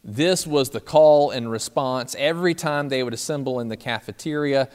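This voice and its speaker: A pastor preaching a sermon, with lively delivery and slow, emphatic phrases. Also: male voice, medium pitch, clear, resonant tone, long reverb tail.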